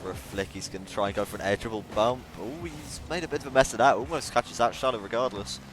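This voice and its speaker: A man with an Irish accent giving play-by-play esports commentary, lifting to excited calls at big plays. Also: medium pitch, fast, over music. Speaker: esports caster. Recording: noisy background.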